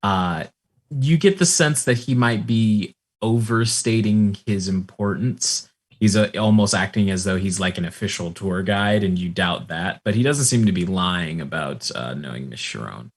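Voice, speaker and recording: A man narrating as game master of a tabletop role-playing game, relaxed and rambling with many fillers. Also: sits low, normal speed.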